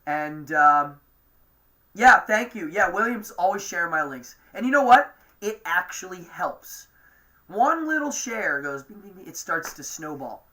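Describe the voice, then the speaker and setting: East Coast male host, rambling and keen, bright tone, casual stream chat. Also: high-pitched, sing-song, a little slow. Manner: chatty, rambling, enthusiastic. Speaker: livestream show host.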